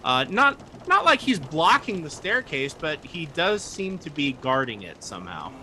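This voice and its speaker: A man's voice: fairly high pitch, very animated, normal speed, background noise. A man narrating as game master of a tabletop game, rambling through scenes with many fillers.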